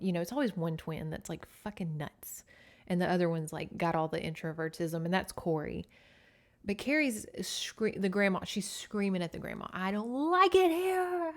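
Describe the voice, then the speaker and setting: Chatty woman recapping a book. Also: on the low side. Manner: chatty, profane, laughing asides. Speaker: podcast host.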